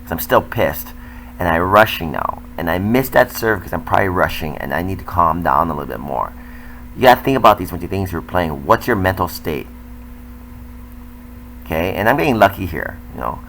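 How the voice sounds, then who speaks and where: A man's voice: deep voice, expressive, a little fast, vocal fry, fairly bright tone, slight background noise, poor audio. An older man, a tennis coach, talking candidly and self-critically as he comments over footage of his own match.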